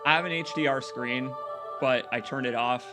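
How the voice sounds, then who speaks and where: A man streaming a video game, chatting casually with viewers and reacting excitedly. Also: normal speed, music in the background. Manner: excitable, swears freely, laughs loudly, jumps to high yelps.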